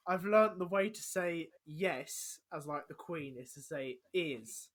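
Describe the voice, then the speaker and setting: A man's voice: on the high side, a little slow, fairly bright tone, slight background noise. A man around twenty, hosting a podcast in casual chat, stumbling over repeated words and "like" fillers. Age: about 20. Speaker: podcast host.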